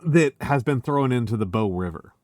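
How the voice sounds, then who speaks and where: A man's voice: mid-range voice, expressive, moderate pace, darkish tone, no room sound, faint music behind. A man chatting casually on a drinking stream, tipsy and hiccuping, rambling and emphatic with lots of fillers. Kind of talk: casual chat.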